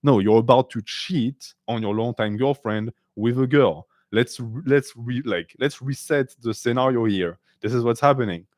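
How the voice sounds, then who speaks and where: A blunt, sarcastic man hosts a casual live-stream Q&A, answering viewer questions while switching between English and French. His mid-range, slightly mellow voice moves at normal speed with hardly any pauses, and the audio is studio quality with no echo.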